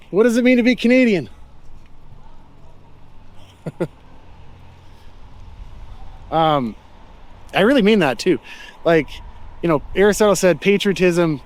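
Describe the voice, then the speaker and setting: A man vlogging while walking outdoors in a city, asking passersby questions in a friendly, reflective way with loose fillers. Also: high-pitched. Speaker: street interviewer and vlogger. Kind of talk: casual walking vlog with street questions. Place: outdoors in a city street and park.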